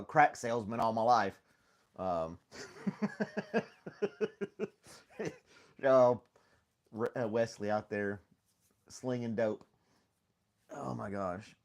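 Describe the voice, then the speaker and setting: A man with a mid-range, darkish voice hosts a casual live stream from home. He rambles easily, laughs often, and greets viewers by name while chatting with and reading the live chat.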